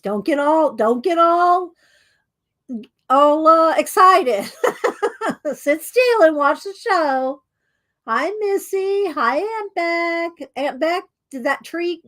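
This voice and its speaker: A woman's voice: very high-pitched, fairly bright tone. A middle-aged woman hosting a live art stream, greeting viewers by name in a chatty way and laughing often.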